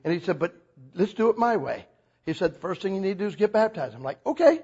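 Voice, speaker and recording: Guy preaching, husky voice, all over the place pitch-wise, muffled lo-fi sound. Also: fast talker. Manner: animated storytelling, acts out quotes with big pitch jumps. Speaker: pastor. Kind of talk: sermon.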